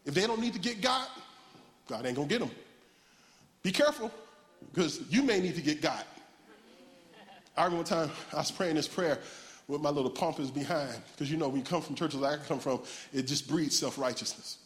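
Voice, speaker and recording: A man preaching from the pulpit with a fairly high voice, rising to shouts as he urges the congregation on. His words ring through a church hall with a long reverb tail. He switches from easy storytelling to fiery calls. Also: brisk, pauses often. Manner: lively preaching, call-and-response shouting, laughs. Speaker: pastor. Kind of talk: animated sermon. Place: church sanctuary.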